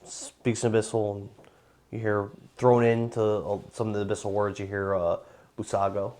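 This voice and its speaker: A man's voice: on the low side, flat delivery, normal speed, a little mellow, slight background noise. A man narrating as game master in a tabletop game, in loose, conversational narration.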